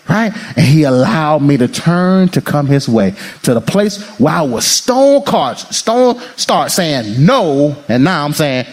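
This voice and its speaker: Animated preaching pastor, high lively voice. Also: male voice, a little slow. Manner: call-and-response preaching, acts out prayers and quotes; swings between high excited bursts and low murmured prayer. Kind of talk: sermon.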